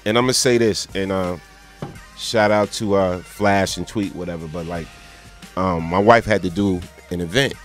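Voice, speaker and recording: Laid-back storytelling man with low voice. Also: moderate pace, faint music behind. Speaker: co-host and DJ. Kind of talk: casual talk radio storytelling.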